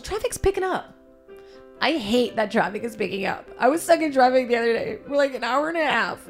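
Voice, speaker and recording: A woman co-hosting a podcast, with a nasal voice, talking bluntly and swearing as she tells animated stories in casual chat. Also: fairly high pitch, brisk, soft background music. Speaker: podcast co-host.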